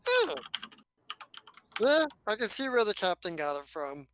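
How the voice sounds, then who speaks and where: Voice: mid-range voice, sing-song, measured pace, fairly bright tone, no echo, pitched above the performer's own voice. A game master doing a boozy, blunt crewwoman. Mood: grudging. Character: drunk woman crew member, blunt and offhand. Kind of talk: tabletop game role-play.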